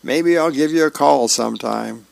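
A man's voice: on the high side, normal speed, gravelly, dry recording. A man reading the lines of a confident little girl from a comic strip, in a matter-of-fact tone.

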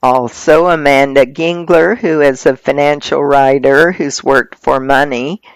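A reader reading magazine articles aloud in a steady, measured way. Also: mid-range voice, smooth, no room sound.

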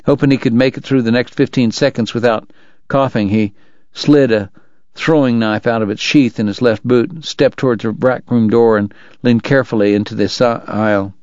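A man narrating a novel aloud for a radio book program, in a measured, dramatic delivery. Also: medium pitch, fairly even intonation, darkish tone, no echo, lo-fi sound. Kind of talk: audiobook narration.

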